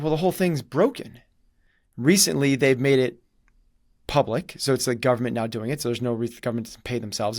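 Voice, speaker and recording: A man's voice: medium pitch, no room sound, studio quality. A man telling a story in conversation, acting out quoted dialogue as he goes. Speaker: guest.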